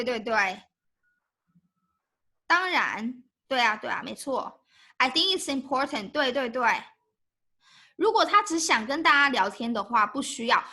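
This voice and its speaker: A woman with a Mandarin Chinese accent, a native Mandarin speaker teaching Mandarin in a live online lesson, switching between English and Mandarin with emphatic, lively delivery. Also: high voice.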